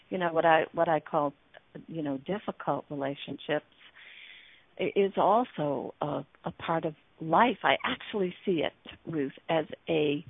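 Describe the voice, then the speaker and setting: A woman's voice: sits low, no room sound. Earnest woman coach on a phone line. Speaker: relationship coach and show host. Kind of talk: internet radio talk show. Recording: tinny dry phone line.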